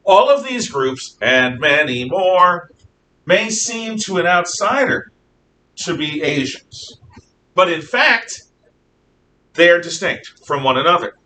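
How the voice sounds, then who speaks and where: A man's voice: big pitch swings, slow pace, bright, forceful tone. A man teaching a history class, lecturing in a rambling way with fillers and frequent self-corrections. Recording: echoey room, mic at a distance, faint rumble.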